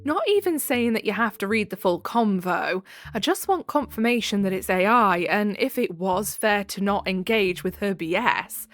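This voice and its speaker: A woman reading online stories aloud in a casual, opinionated way, adding chatty asides and reading quoted texts in a deliberate monotone. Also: mid-range voice. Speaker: Reddit story reader.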